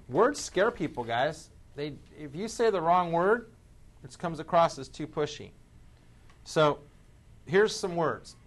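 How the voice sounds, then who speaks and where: Energetic male sales trainer quizzing a room. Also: fairly high pitch. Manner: energetic, quizzes the audience, shifts speed and loudness for emphasis. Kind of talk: live sales training seminar. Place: training room with a live audience.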